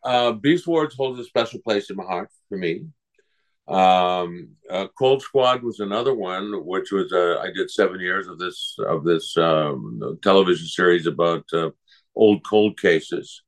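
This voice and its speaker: Older guy, real deep voice, chatty guest telling stories and doing the other people's voices. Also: lively intonation, a little slow. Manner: rambling anecdotes, acts out quoted people. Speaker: guest voice actor. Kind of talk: casual interview storytelling.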